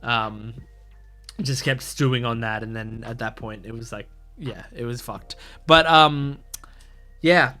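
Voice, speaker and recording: A man's voice: mid-range voice, slow, sharp tone, soft background music. A man hosting a reaction video, talking through his thoughts casually with lots of fillers and restarts. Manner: rambling, filler-heavy, thinking aloud.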